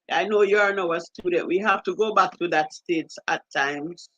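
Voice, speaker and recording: A woman's voice: lowish voice, a little slow, a bit bright, highs cut off. Jamaican woman greeting livestream viewers. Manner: reads out viewer comments and greets each viewer by name. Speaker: livestream host. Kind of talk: live stream chat reading.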